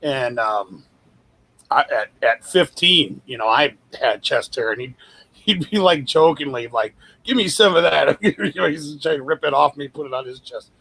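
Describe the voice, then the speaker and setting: A man's voice: medium pitch, lively intonation, normal speed, vocal fry, fairly bright tone, husky, dry recording. A man chatting casually as a podcast host, rambling with many fillers and restarts and swearing freely. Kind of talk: casual chat.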